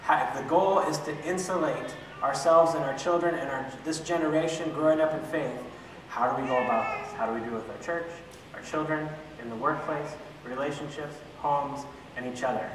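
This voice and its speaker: A man's voice: a little high, a little fast. A man teaching an adult church class, asking questions and answering them himself, with joking asides. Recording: echoey hall from far off, faint room noise.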